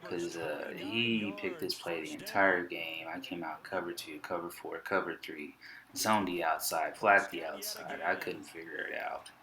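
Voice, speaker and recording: A Texan man with a very low voice talks over his football video game, relaxed and full of slang and trash talk. The sound is roomy, with a loud stadium crowd from the game running behind him. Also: unhurried. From Texas. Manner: laid-back, slangy, trash-talking. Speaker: gaming YouTuber. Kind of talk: casual game commentary.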